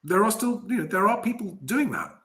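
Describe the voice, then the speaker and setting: A man's voice: high-pitched, very animated, fairly quick, pushed and bright. A man hosting a casual chat, reading out viewer comments and laughing often. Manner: chatty, laughs often, reads comments aloud. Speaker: host.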